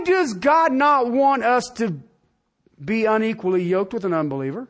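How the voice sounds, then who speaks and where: A man preaching a sermon, asking the congregation direct questions and swinging from loud emphatic lines to quiet ones. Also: sits high, animated, normal speed. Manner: talks straight to the congregation with rhetorical questions. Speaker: pastor.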